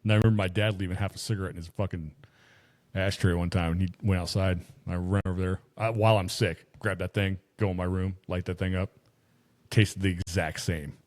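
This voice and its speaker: A man's voice: low-pitched, steady tone, a little fast, a little mellow. A man co-hosting a podcast, telling long, profane stories in casual chat. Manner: profane, rambling storyteller. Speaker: podcast co-host.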